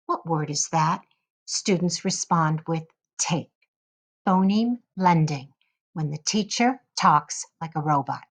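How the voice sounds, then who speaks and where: Slow, low-voiced woman teaching a lesson. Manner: slow, deliberate, models sounds carefully. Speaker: teacher educator. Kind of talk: instructional lesson narration.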